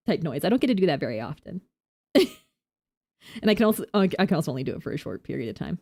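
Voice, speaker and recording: A woman's voice: lowish voice, expressive, quick pace, mellow, no echo, studio quality. A young woman streaming a game, chatting casually and giggling as she rambles.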